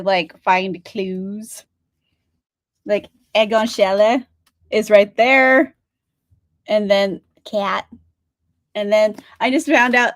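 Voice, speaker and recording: A young woman streamer chatting casually about books, rambling, laughing often and filling her talk with "like," a bit tired. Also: mid-range voice. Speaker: book streamer. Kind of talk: casual livestream chat.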